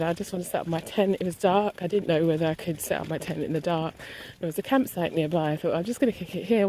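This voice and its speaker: A woman's voice: lowish voice, dark tone, a little hiss or hum, low-quality recording. A woman casually recounting a story to camera, animatedly acting out both sides of an argument. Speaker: vlogger.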